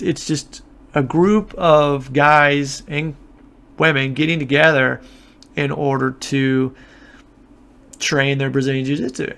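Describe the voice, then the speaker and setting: A man's voice: medium pitch, gravelly, a bit bright. A man talking casually in a podcast interview, explaining things at length with frequent fillers and restarts. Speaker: guest, martial arts instructor. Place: Japan.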